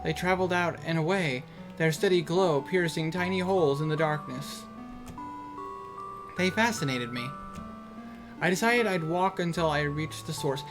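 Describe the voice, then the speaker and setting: A man voicing a calm, curious young man as the narrator of a visual novel, reading in a measured way. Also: on the high side, music in the background, lightly acted.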